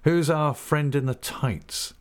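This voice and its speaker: A man reading an audiobook, voicing a jovial, careless young gentleman who talks in a hearty, mocking way. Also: on the high side, slow, clear, resonant tone, voice pushed up. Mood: jovial teasing. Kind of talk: audiobook character voice.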